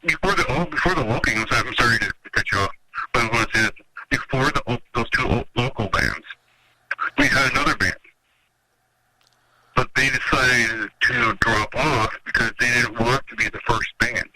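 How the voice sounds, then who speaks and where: A man's voice: moderate pace, pushed and bright. A man organizing a metal festival, telling long rambling stories in a casual interview and acting out what people said. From Minnesota, USA. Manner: rambling storyteller, acts out quotes in a higher voice. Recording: noisy radio interview audio.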